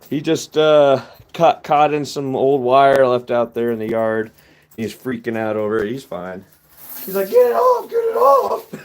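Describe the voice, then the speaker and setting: A man's voice: mid-range voice, darkish tone. A man giving casual live commentary to his viewers from a hot workshop, chatting straight to them as he works. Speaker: livestreamer casting metal. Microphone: phone livestream.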